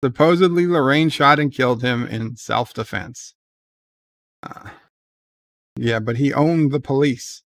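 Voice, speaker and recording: A man's voice: mid-range voice, a little slow, pauses often, fairly bright tone, dry recording, clean studio sound. A man hosting a casual livestream, reading viewer comments aloud and answering them in a loose, rambling way with many "uh"s. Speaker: livestream host.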